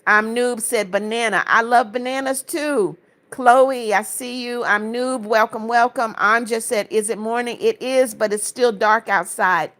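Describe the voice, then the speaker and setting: A woman's voice: fairly high pitch, fairly even intonation, a little slow, fairly bright tone. A woman from Florida hosting a casual livestream, reading viewers' comments aloud and answering each with friendly greetings and blessings. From Florida, United States. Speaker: livestream host.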